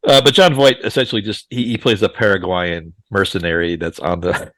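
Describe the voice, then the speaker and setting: A man's voice: low voice, steady tone, a little fast, fairly bright tone, no room sound. A man co-hosting a podcast in casual chat, easygoing and chuckling between remarks. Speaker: podcast co-host.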